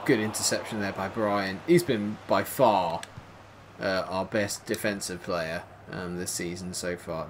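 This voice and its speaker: A young man commentating his own football video game, calm between plays and shouting when goals go in. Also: fairly low pitch, slight background noise. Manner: excitable, shouts at goals, dry jokes. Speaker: gaming YouTuber. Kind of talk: gameplay commentary.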